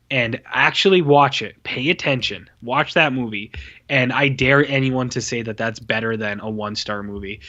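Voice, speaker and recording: A man co-hosting a podcast, bluntly and profanely ranting about a film he disliked, his voice going a little hoarse. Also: medium pitch, bright, forceful tone, muffled recording. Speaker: podcast co-host. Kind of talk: casual film review chat.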